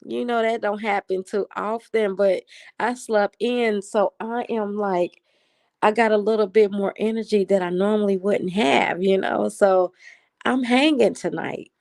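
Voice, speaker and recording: Animated, excited-sounding woman livestreaming. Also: mid-range voice, unhurried, vocal fry. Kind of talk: casual live chat, reading viewer comments.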